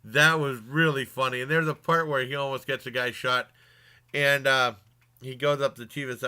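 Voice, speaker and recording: A man's voice: mid-range voice, little pitch movement, moderate pace, sharp tone, smooth. A man casually retelling a movie's plot in a review, rambling with many fillers and restarts and chuckling along.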